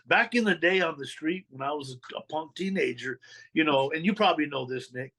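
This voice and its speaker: A middle-aged man with a somewhat high voice relates his past to a podcast host in candid storytelling. He talks in blunt street slang and swears freely. He slips into the voices of the people he quotes. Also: fairly quick, bright, forceful tone, slightly rough, rough recording. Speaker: podcast guest telling his life story.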